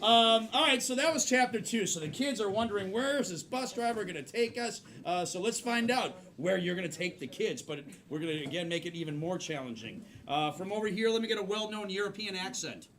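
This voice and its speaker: A man hosting a live improv comedy show on a theater stage, loud and laughing as he sets up the games. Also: high voice, a little fast, few pauses. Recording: crowd noise from a live audience. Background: audience laughter.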